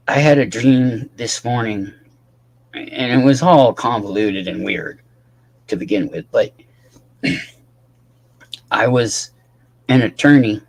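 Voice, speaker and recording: A man's voice: medium pitch, breathy edge. A tired man rambling casually to his livestream chat, swearing often and talking to viewers by name.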